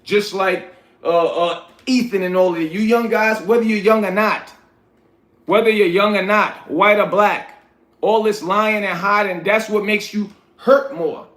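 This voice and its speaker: A man's voice: sits high, fairly even intonation, measured pace, a bit bright, reverberant. A man with a New York accent hosting a casual livestream, reading viewers' comments aloud and coaching them bluntly. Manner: reads chat aloud, coaching and scolding viewers. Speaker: livestream host.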